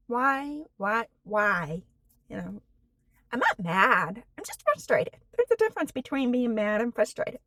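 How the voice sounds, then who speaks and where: A woman in her forties telling her own story on a personal vlog, slow and halting, with many fillers, earnest and candid. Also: on the high side, no room sound. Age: 40s. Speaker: vlogger.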